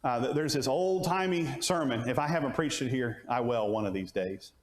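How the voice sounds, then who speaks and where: A man's voice: medium pitch, moderate pace. A man preaching a conversational Bible lesson to a class, asking questions and restarting his sentences. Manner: asks the audience questions, many restarts. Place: church classroom. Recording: roomy church room sound.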